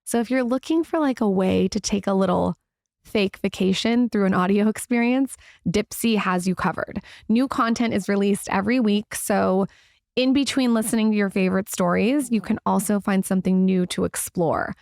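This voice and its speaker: A woman's voice: medium pitch, moderate pace, gravelly, darkish tone, no echo, clean studio sound. Chatty woman reading a sponsor ad. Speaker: podcast co-host. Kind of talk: casual ad read and chat.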